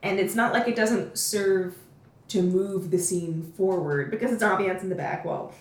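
A woman's voice: medium pitch, moderate pace. Chatty woman in a roomy room. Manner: enthusiastic, rambling with fillers. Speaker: podcast co-host. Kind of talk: casual chat. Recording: roomy echo.

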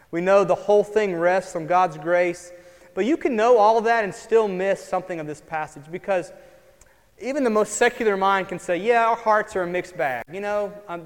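A man preaching a sermon, earnest, moving between hushed, quiet passages and emphatic lines. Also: sits high. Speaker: pastor. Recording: long hall reverb.

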